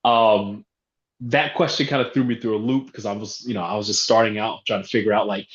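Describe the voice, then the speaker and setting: A man, a real estate investor, telling an animated story from a talk, acting out phone calls and laughing as he goes. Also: fairly low pitch, fairly quick. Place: event room. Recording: roomy, dull lo-fi sound.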